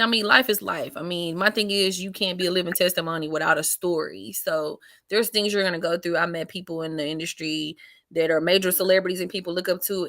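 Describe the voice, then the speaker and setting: A woman comedian telling stories in a casual interview, slangy and animated, acting out quotes with a lifted voice. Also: lowish voice, no echo. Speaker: comedian guest.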